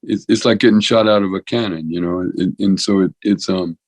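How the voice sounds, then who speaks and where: A man's voice: deep voice, fairly even intonation, brisk, a little mellow, dry recording, rough recording. A man in his sixties, a veterinarian and comedian, telling rambling stories as a podcast guest, with lots of restarts and "you know". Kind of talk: rambling conversational storytelling.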